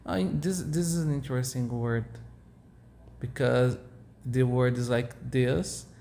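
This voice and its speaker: Slow Brazilian man explaining vowels. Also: mid-range voice, fairly even intonation, vocal fry, warm tone, a little hiss or hum. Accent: Brazilian Portuguese. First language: Portuguese. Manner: halting, with many fillers and restarts. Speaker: language tutor. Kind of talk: informal one-on-one language explanation.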